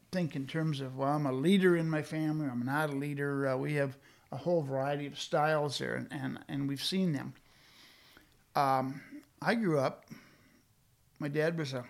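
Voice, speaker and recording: A man's voice: fairly high pitch, gravelly. An older man speaking reflectively in a conversational discussion, with frequent fillers and restarts. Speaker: guest speaking on leadership.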